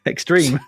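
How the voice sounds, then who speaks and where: A man's voice: dry recording, studio quality. A man co-hosting a casual podcast chat, rambling, laughing often and reading out film plots. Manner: rambling, laughs often, reads plot summaries aloud. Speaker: podcast co-host.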